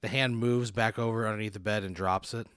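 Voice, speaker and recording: A man with a lowish voice narrating an improvised story in a relaxed, chuckling way. He is recorded close and dry, with no room sound. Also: fairly quick, clean tone, dry recording. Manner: laid-back, chuckling, vivid scene-setting. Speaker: podcast host narrating a hypothetical.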